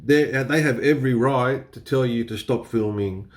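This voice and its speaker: A man's voice: medium pitch, normal speed. A man with an Australian accent chatting casually to camera as a photography vlogger, laughing often and swearing a little. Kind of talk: casual explainer talk to camera.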